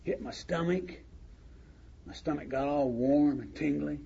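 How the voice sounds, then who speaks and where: A man's voice: fairly high pitch, measured pace, vocal fry, dark tone. An older man sharing a humorous story of his own at a recovery meeting, in a folksy manner and laughing along with his own words. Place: meeting hall. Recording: dull lo-fi recording with faint hiss.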